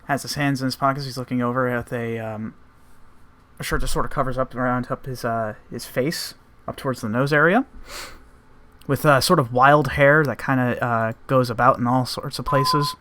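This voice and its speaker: A man narrating as game master, relaxed with many fillers, voicing characters along the way. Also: mid-range voice, moderate pace.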